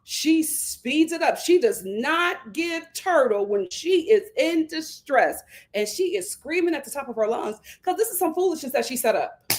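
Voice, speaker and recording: Animated high-voiced woman reviewing reality TV. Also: moderate pace, a little hiss or hum. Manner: animated, gossipy and incredulous. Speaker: show reviewer.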